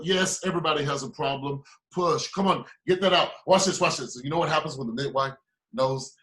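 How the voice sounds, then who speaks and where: High-voiced man giving a fiery pep talk. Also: brisk. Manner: preachy, repetitive, swings between loud urging and low asides. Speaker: business mentor. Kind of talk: motivational speech.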